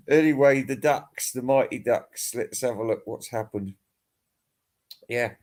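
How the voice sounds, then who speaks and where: A man's voice: mid-range voice, a little slow, darkish tone. Middle-aged guy rambling late at night, tired, swearing a lot, ranting and chuckling. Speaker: music vlogger. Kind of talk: casual rambling monologue.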